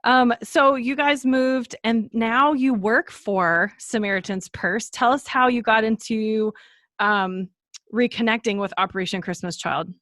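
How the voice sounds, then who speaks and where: A woman's voice: a little high, steady tone, measured pace, a bit bright, no echo, clean studio sound. A woman hosting a podcast, interviewing her guest with encouraging reactions. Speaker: podcast host.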